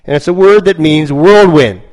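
A man preaching a sermon, telling a story slowly and dramatically, with lots of repetition. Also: on the high side, darkish tone, poor audio.

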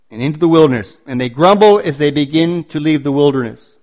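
A man preaching a sermon, building points through emphatic repetition and slowing down on stressed phrases. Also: a little high, a little mellow.

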